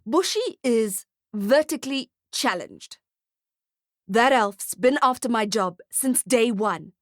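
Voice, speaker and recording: A woman's voice: on the high side, animated, takes it slowly, no room sound, clean studio sound. Woman doing a cursing, indignant down-and-out Santa. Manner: indignant, blurts mangled curses. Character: foul-mouthed down-and-out male Santa.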